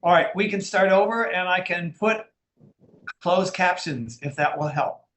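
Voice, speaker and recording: A man's voice: high voice, a little slow, fairly bright tone, roomy sound, slight background noise. A man teaching an English class, playful and teasing with his students.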